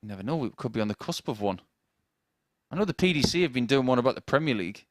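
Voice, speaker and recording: A man's voice: mid-range voice, lively intonation, quick pace, no room sound, clean studio sound. A man commentating on darts, chatty and joking with his co-commentator. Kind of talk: live sports commentary with banter.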